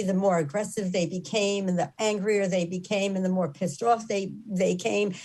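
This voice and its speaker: A woman's voice: medium pitch, fairly even intonation, normal speed, few pauses, a little mellow. A middle-aged woman telling a story in an earnest, impassioned way, repeating phrases for emphasis. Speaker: activist speaker.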